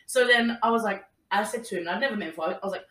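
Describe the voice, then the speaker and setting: A woman's voice: medium pitch, rapid-fire, recorded from a distance. Young woman telling a wild story, lots of "like", acts out what people said, a bit off mic in a roomy space. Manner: animated storyteller, quotes people, laughs often. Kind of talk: casual chat.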